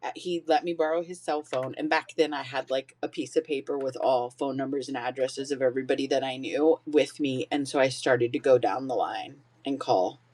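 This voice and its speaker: A woman's voice: very deep voice, fairly even intonation, normal speed, hardly any pauses, a little mellow. A woman in her forties, a podcast guest telling her own story openly, swearing freely and laughing through painful memories. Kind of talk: personal storytelling.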